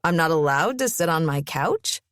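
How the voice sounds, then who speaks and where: A woman's voice: low-pitched, sing-song, moderate pace, fairly bright tone, dry recording, studio quality. A woman voicing a teasing, easygoing young man in an audiobook. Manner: mild, wry.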